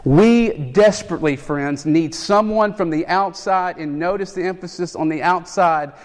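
A man preaching a sermon, animated, building to loud emphatic peaks. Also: sits high, normal speed. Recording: long hall reverb.

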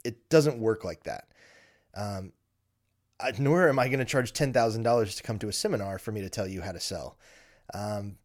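Thirties male podcast host, relaxed basement chat, frank and self-mocking, lots of ums. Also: on the low side. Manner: candid, self-deprecating, frequent ums. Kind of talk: casual solo podcast talk. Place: home basement.

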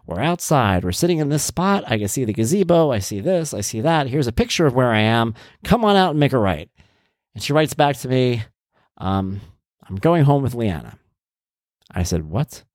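A middle-aged man tells family stories in a casual monologue. His pitch swings widely as he acts out his kids' lines. His tone is exasperated, and the sound is dry and close. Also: a little mellow, no echo. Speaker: divorced dad telling stories.

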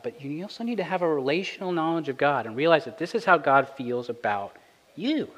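A man in his thirties delivers a sermon in a conversational, earnest way, his voice sitting a little high and climbing when he stresses a point. The sound carries a long reverb from the church sanctuary around him. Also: animated, brisk, a bit bright. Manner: conversational, earnest, rises for emphasis. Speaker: pastor.

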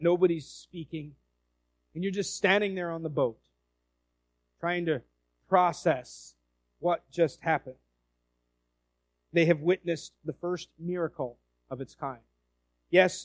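Man, sermon, high voice, dramatic delivery, swings loud to hushed, dry close sound. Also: fairly even intonation, takes it slowly, pauses often, no echo. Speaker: preacher.

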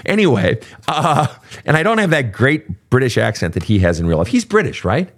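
Male host, middle-aged, blunt and profane, lively pitch. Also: a little fast. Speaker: podcast host, coach. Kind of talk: casual advice talk.

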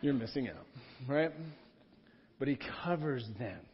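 A man's voice: mid-range voice, lively intonation, unhurried, a little hiss or hum. A man, a pastor, preaching a sermon in a church room in a conversational style, repeating key words for emphasis. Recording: dull lo-fi sound.

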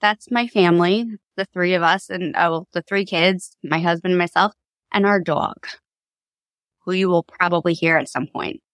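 A woman in her thirties from Long Island, New York, appears as a podcast guest and tells her family story in a candid, chatty way, laughing easily. Her voice sits on the low side and is a bit bright, moving at a normal speed. The recording has no room sound.

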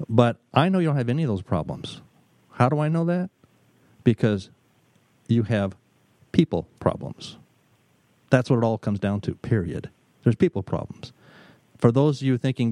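A middle-aged man, a business consultant, telling stories in an emphatic talk, pausing often and repeating words. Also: fairly low pitch, warm tone, dry recording. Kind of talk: storytelling talk.

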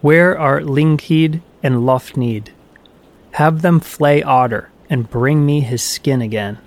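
A man voicing a grim, vengeful old farmer who works magic, speaking slowly and with heavy emphasis. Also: fairly high pitch.

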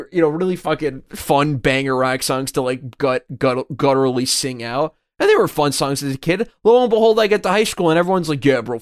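Guy in his 30s rambling on a podcast, pitch jumps all over, kinda high. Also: clean tone. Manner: rambling, swears freely, many restarts. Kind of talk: casual chat.

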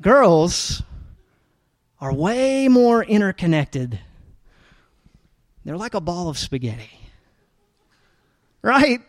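A man preaching a sermon as a pastor, talking casually with lots of fillers and restarts, and getting animated when he tells stories. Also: high-pitched, drawn-out words, pauses often, no room sound, studio quality. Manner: conversational, rambling with fillers and restarts; animated storytelling with rising energy.

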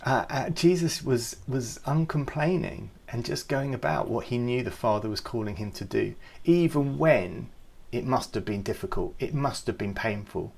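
A man hosting a youth ministry podcast, giving an earnest, reflective devotional talk with some gentle humour. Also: medium pitch, moderate pace, vocal fry, husky.

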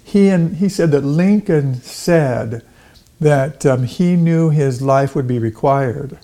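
A middle-aged man talking casually in an interview, halting and repeating words with many fillers. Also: a little high, dark tone. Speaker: guest, Lincoln portrayer.

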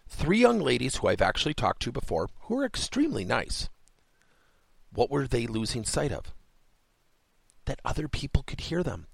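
A man's voice: medium pitch, creaky, a bit bright, no room sound, clean studio sound. A man hosting a coaching podcast, telling a story and acting out the dialogue.

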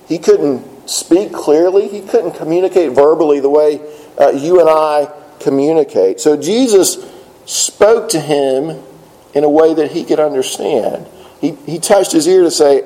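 Male pastor mid-sermon, mellow tone, plainspoken and earnest, leans on "uh" fillers. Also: a little high, rough recording. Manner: earnest, plainspoken with frequent "uh" fillers and repeated words.

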